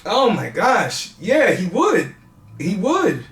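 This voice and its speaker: Slow, halting man in an echoey room. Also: high voice, wildly swooping pitch, a bit bright. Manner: halting, many fillers and restarts. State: tearful, laughing through emotion. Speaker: interview guest. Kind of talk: emotional interview.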